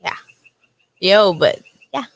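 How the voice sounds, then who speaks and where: A woman's voice: medium pitch, animated, slow, a little hiss or hum. A young woman with a Puerto Rican accent chatting playfully with her sister, dreamy in tone, slipping into Spanish phrases. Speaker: co-host. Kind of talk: casual chat between sisters.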